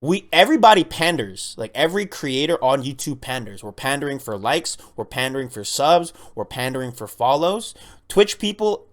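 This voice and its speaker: A man's voice: medium pitch, very animated, moderate pace. Laid-back, curious podcast guy. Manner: laid-back, curious, agrees with lots of yeps and that's what I'm saying. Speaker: podcast co-host. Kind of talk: casual podcast argument.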